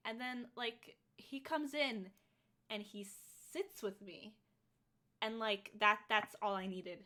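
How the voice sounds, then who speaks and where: A woman's voice: medium pitch, unhurried, pushed and bright. A woman in her twenties co-hosting a podcast, chatting casually and rambling with lots of fillers. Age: 20s. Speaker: podcast co-host. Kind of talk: casual chat.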